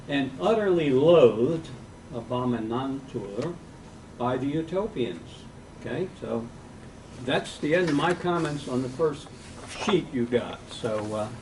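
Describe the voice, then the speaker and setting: A man's voice: medium pitch, a little mellow. A man giving an unscripted classroom lecture, reading passages aloud between fillers and self-corrections. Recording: distant mic with faint room hiss.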